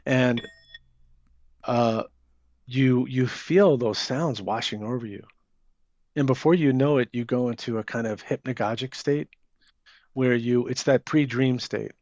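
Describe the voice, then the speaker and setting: A man's voice: medium pitch, unhurried, long pauses, a little mellow, no room sound. A man, an author giving an interview, talking casually and hesitantly with many fillers and restarts. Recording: dull lo-fi sound.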